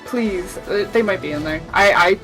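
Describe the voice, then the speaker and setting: A woman guest co-hosting a casual reaction stream, excitable and playful, swearing often. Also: mid-range voice, normal speed, low-quality recording. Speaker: guest co-host. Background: award show music playing.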